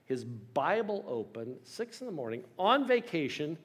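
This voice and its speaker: Older male pastor in his 60s, slightly higher voice, tells stories with self-deprecating humor. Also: very animated, measured pace, a bit bright, breathy edge. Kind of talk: sermon.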